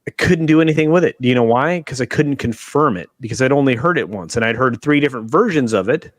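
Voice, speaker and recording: A man's voice: medium pitch, animated, quick pace, no room sound. A man hosting a casual livestream chat over a video call, talking emphatically with restarts and insistent asides. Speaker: show host. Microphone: video call webcam.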